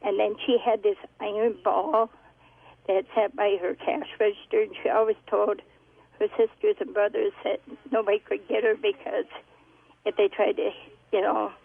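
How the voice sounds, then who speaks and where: A woman's voice: mid-range voice, little pitch movement, vocal fry, husky, dry recording. Hesitant woman caller on a phone line. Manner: hesitant, many ums, halting. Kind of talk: phone-in story.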